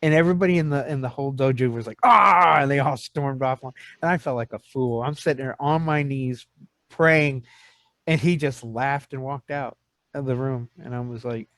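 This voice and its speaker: A man's voice: mid-range voice, moderate pace, no room sound. Man, 50s, podcast host, casual storyteller, dry close sound. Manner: animated storyteller, acts out quotes. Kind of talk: casual chat.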